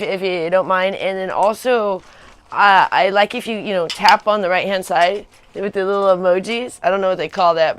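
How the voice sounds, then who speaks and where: A woman's voice: on the low side, a bit bright. A woman in her forties chatting casually on a livestream, rambling with many fillers and restarts. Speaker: vlogger on a livestream.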